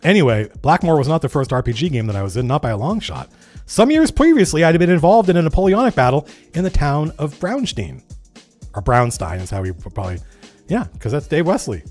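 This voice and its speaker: A man hosting a casual livestream, reading old game zines aloud and breaking off into rambling, animated comments. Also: fairly high pitch, fairly quick, soft background music. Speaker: livestream host.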